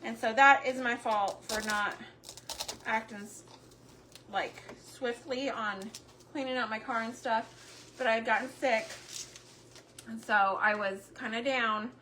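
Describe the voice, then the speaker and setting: A chatty middle-aged woman with a drawl talks her way through a homemaking livestream. Her voice is bright and a little high, and it is slightly hoarse. A faint hiss sits under the recording. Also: steady tone, a little slow, pauses often. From Texas. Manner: chatty, warm Southern drawl with frequent fillers and word searches. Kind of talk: casual livestream chat.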